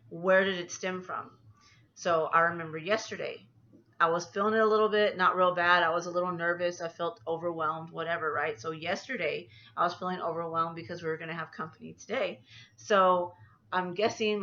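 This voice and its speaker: A woman's voice: fairly low pitch, sharp tone. Rambling woman vlogger, lo-fi phone audio. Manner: rambling, talks herself through feelings. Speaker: anxiety coach. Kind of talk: casual personal vlog.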